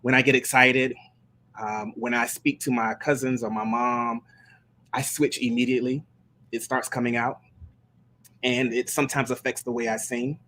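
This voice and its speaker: A man's voice: mid-range voice, flat delivery, moderate pace, sharp tone, slight background noise. A man who sings gospel and leads worship, chatting casually on a live stream and telling stories in a meandering way with many restarts. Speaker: gospel singer and worship leader.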